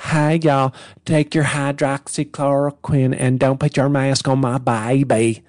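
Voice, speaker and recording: A man's voice: medium pitch, little pitch movement, measured pace, darkish tone, no room sound, studio quality, voice pushed up, close to an everyday voice. A man voicing a dumb Southern Christian caricature with a folksy American Southern drawl. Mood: mocking.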